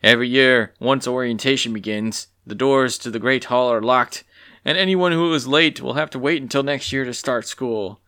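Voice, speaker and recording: A man's voice: medium pitch, moderate pace, bright, forceful tone, smooth, pitched above the performer's own voice. A man voicing a snobbish male bird upperclassman who is curt and scornful.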